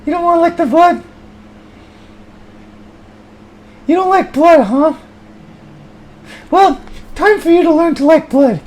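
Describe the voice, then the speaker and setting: Man playing a screeching hothead, very high voice, curses and insults. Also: normal speed, a little mellow, a little hiss or hum. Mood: coaxing. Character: shrill, hot-tempered abusive man.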